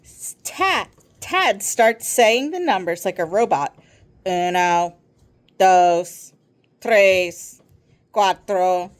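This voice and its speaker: An excitable schoolboy tumbles through his story in a rambling, eager rush, as a woman reads him aloud. His voice swings up and down with lively ups and downs. It is a storybook reading. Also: mid-range voice, drawn-out words, long pauses.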